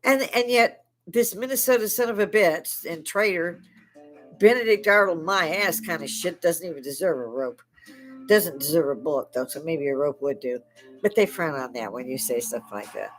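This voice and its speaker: An older woman with a lowish voice rants on a live stream, swearing freely and dripping with sarcasm. She mocks with short scornful laughs and hammers her points home, while faint music plays behind her. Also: moderate pace. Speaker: livestream host. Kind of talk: political rant.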